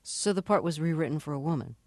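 A radio interviewer putting measured, probing questions to a guest. The voice sits at a middle pitch and is recorded close and dry, with no room sound. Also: animated, a little mellow, no room sound.

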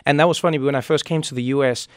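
A man from Africa, talking as an interview guest and telling stories in animated, quick bursts. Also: medium pitch, no room sound, clean studio sound. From South Africa. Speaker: guest author. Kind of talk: conversational interview.

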